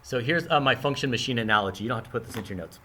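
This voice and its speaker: Casual, animated male math teacher. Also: medium pitch, very fast, a little hiss or hum. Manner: animated, casual, talks straight to students. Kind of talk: classroom lesson with analogies.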